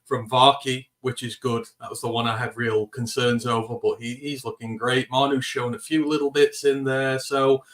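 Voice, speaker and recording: A man's voice: medium pitch, normal speed, few pauses. Friendly man guest from the UK. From United Kingdom. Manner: relaxed and friendly, with some repeated words. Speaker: guest fan commentator. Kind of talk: casual conversational interview.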